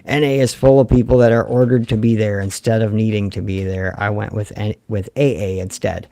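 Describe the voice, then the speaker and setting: A man's voice: fairly low pitch, steady tone, brisk, creaky, mellow. Man, thirties, rambling livestream host, joking, reads chat comments.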